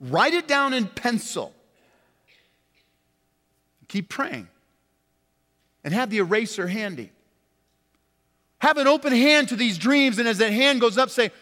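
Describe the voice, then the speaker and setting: A man preaching a sermon as pastor, impassioned, swinging from loud emphatic peaks to quiet, low, stressed words. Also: expressive, moderate pace, long pauses. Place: church sanctuary. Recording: long hall reverb.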